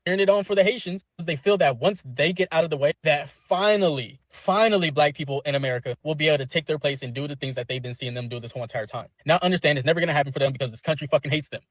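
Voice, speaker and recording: A man's voice: fairly high pitch, rapid-fire, few pauses, no room sound. A man in a video clip speaking scornfully and throwing crude insults. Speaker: commentator in a played clip.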